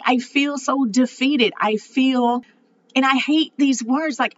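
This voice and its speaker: A woman's voice: mid-range voice, fairly bright tone. Candid middle-aged woman podcasting, slightly muffled. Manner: candid, emotional, swears freely. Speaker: podcast host. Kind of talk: casual personal podcast monologue.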